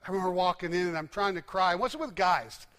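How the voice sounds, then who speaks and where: Emphatic male preacher in reverberant hall. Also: fast. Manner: emphatic storytelling, drops to hushed low endings. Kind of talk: sermon.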